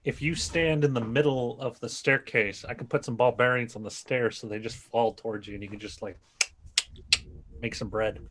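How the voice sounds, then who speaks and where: A man playing a tabletop game, talking through plans in quick, casual chatter. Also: mid-range voice, fairly even intonation, noisy background. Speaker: player.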